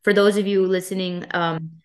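A woman from Boston hosting a casual podcast interview, chatty and energetic, laughing often. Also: fairly low pitch, normal speed. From Boston, US East Coast. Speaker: podcast host.

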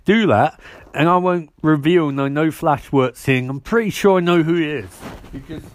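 A man playing a gruff, angry military man in his late fifties, talking bluntly and making demands. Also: fairly high pitch, moderate pace, dry recording, lightly acted. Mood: demanding.

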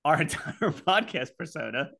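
A man's voice: on the high side, very animated, normal speed, creaky, bright, forceful tone. A man co-hosting a podcast, chatting casually and teasing his co-host with profane banter. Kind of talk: casual chat.

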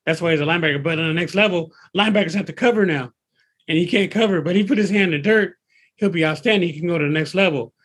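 Excitable high-voiced trainer man, husky. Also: quick pace. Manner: excitable, emphatic, repeats himself. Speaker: personal trainer. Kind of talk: casual interview talk.

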